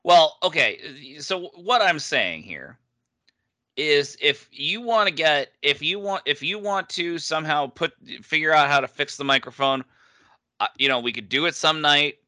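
Slow, bright-voiced man in a hesitant drawl. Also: fairly high pitch, animated, dry recording, clean studio sound. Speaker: podcast co-host. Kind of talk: casual chat.

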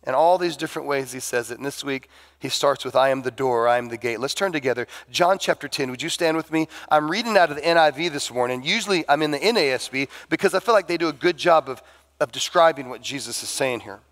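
A man preaching a sermon as pastor, animated and acting out the dialogue of the people in his story. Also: mid-range voice, fast talker. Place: church sanctuary.

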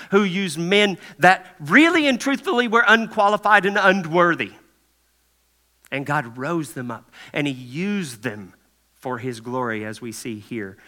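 Bright-voiced animated preacher man. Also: sits high. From Kentucky. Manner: animated, folksy, asks the room "right?" often. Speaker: pastor. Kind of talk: sermon.

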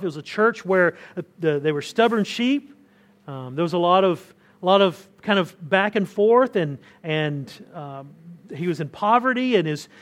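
A man preaching a conversational sermon to a church congregation, often restarting words and pressing his points with rising emphasis. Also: high voice. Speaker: pastor. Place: church hall.

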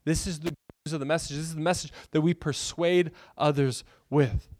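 A pastor, preaching a sermon and telling stories with bursts of loud excitement. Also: male voice, fairly high pitch, fairly quick, dry recording, studio quality.

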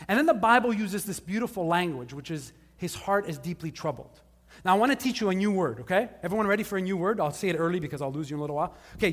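High-voiced joking male pastor. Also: in a large hall. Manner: casual, joking asides with the congregation. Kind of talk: conversational sermon. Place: church service before a live congregation.

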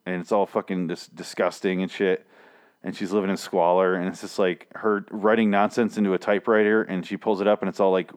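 A man's voice: fairly low pitch, a little mellow, clear, resonant tone. A man casually recapping a TV episode, swearing and sarcastic, rambling with lots of restarts. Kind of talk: casual spoken recap and review.

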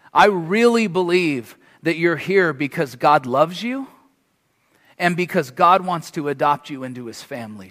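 A man's voice: high-pitched, a bit bright, big-room sound. A man preaching as a guest, delivering an impassioned sermon that builds to emphatic peaks and closing in prayer. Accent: foreign to the congregation, from across the ocean. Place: church hall.

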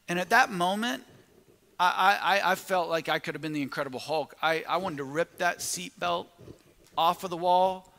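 A man's voice: high voice, bright, forceful tone, big-room sound. A man preaching a sermon, telling a story with quoted asides and frequent restarts.

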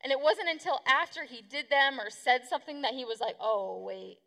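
High-voiced woman giving a slangy youth sermon. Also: brisk, pushed and bright, long reverb tail. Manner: chatty, slangy, acts out quotes. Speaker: youth pastor.

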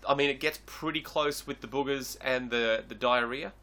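A man's voice: mid-range voice, steady tone, moderate pace, bright, forceful tone. A man co-hosting a podcast, dryly recounting film scenes in casual chat. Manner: dry, recounts scenes in acted quotes. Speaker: podcast co-host. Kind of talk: casual movie review chat.

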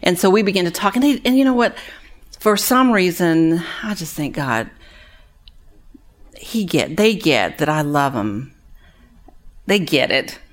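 A woman who runs a women's recovery ministry, telling animated, heartfelt stories to an audience. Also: fairly low pitch, a little slow, pauses often. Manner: animated, acts out other people's voices; earnest and heartfelt, drops quieter on sad moments. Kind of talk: storytelling talk to an audience.

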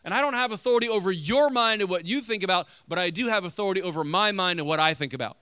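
Bright, energetic preaching man. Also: high voice, quick pace, clean tone, dry recording, studio quality. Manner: energetic preaching with sudden emphatic rises. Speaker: pastor. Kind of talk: sermon.

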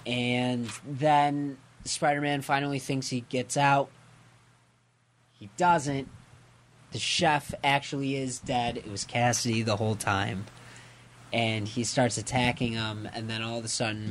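Slow-talking rambling male podcast co-host. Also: medium pitch, a little hiss or hum. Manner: rambling with frequent fillers and self-corrections; acts out characters' lines. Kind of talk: casual chat recapping a comic.

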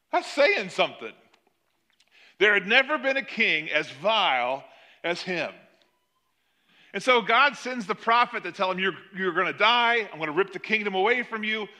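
Preaching in a voice that sits high, a middle-aged pastor tells his sermon's story animatedly, moving between loud emphasis and hushed asides.

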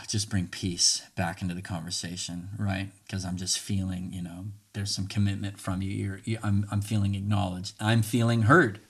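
Earnest low-voiced male podcast host. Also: flat delivery, normal speed, breathy edge. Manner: earnest, coaching, repeats phrases for listeners to say along. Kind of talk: casual podcast talk on communication.

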